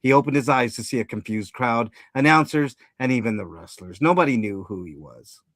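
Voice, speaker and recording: A man on a podcast reading a comedic story aloud in a casual, steady way, correcting himself now and then. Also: mid-range voice, fairly quick, dry recording, studio quality. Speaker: podcast co-host and story reader.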